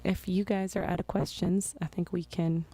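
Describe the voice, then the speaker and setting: Woman, low voice, musician, co-host, casual live chat, chatty, lots of restarts. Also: level tone, normal speed, warm tone, husky. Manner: chatty, with frequent restarts and fillers. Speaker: musician co-hosting a live stream.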